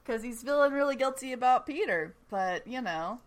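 A woman's voice: a little high, animated, normal speed. A woman hosting a podcast, casually recapping a TV episode in a chatty, enthusiastic way with plenty of fillers. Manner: chatty and enthusiastic, often laughing, filler-heavy. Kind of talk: casual chat.

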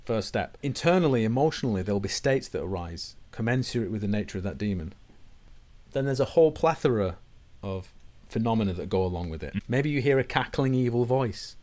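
A man, hosting a conversation and explaining ideas in a measured way, often dropping low and quiet at the ends of phrases. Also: lively intonation. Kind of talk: conversational discussion.

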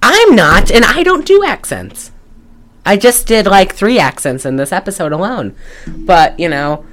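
Speaking a little slowly at a medium pitch, a female podcast host jokes her way through a casual movie review, cursing a bit and laughing often. The recording quality is low.

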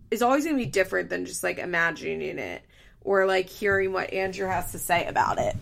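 A woman hosts a podcast, offering casual commentary in a chatty style packed with fillers like "like" and "you know." Her voice is lowish and gravelly, with a faint hiss or hum.

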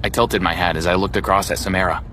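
A man narrating a first-person story in a measured, dramatic way, with music playing behind. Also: low voice, steady tone, sharp tone, a little hiss or hum.

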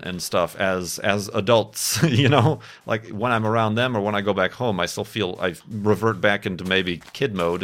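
A man's voice: on the low side, fairly bright tone, a little hiss or hum. A man in his thirties chatting casually over gameplay, rambling and self-deprecating, laughing often between thoughts. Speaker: gaming YouTuber.

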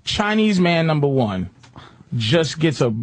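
A husky, slightly high-pitched man spins a rambling, swear-laden story in loose podcast chat. He retells a movie plot with animated energy. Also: unhurried. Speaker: podcast co-host. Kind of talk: casual profane chat.

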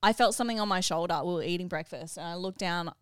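A young Australian woman co-hosting a podcast, telling a story in a dramatic, animated way. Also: fairly low pitch, fast talker, smooth, dry recording, clean studio sound. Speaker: podcast co-host. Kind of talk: casual chat, storytelling.

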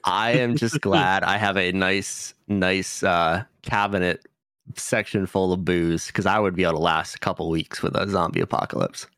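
Low-voiced guy recapping episodes. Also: fairly even intonation, normal speed, a bit bright, no room sound, clean studio sound. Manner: joking, recapping episodes, laughing often. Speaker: podcast host. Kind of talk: casual anime podcast chat.

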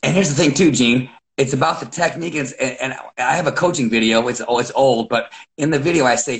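A wrestling coach, a man, telling animated stories about his practices in a casual chat, acting out quotes and often restarting sentences. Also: fairly high pitch, creaky, rough recording. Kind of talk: casual podcast storytelling.

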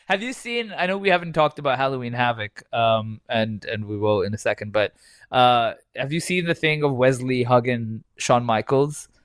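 A man's voice: medium pitch, moderate pace, clear, resonant tone, no room sound, studio quality. A man co-hosting a casual podcast who rants, swears often and mimics people in quotes. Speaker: podcast co-host. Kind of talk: casual chat.

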